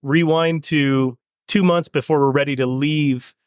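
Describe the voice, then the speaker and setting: A middle-aged man from California, a land speed racer, telling stories in a casual interview in an earnest, halting way with many restarts. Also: on the high side, fairly even intonation, smooth, no room sound.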